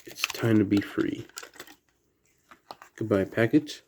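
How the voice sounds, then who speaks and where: A man with a slight Southern accent, chatting quietly through a toy unboxing at home late at night, keeping his voice down. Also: lowish voice, slow, background noise. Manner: soft, hushed indoor voice. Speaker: toy collector vlogger. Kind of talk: casual unboxing chat.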